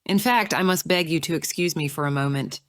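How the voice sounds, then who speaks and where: A poised young lady with a smug, teasing tongue, voiced by a woman narrator. Her lines come wry and composed in a smooth, low tone. The recording is close and dry. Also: a little fast, no room sound, lightly acted. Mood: exasperated. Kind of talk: audiobook character reading.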